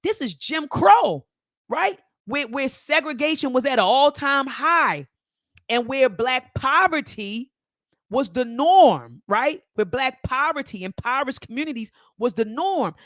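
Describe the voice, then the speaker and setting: A woman's voice: high-pitched, expressive, unhurried, fairly bright tone, no echo. A woman hosting a book club, reading passages aloud and commenting with passion, addressing listeners as family and repeating phrases for emphasis, at times near tears. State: near tears, voice dropping low.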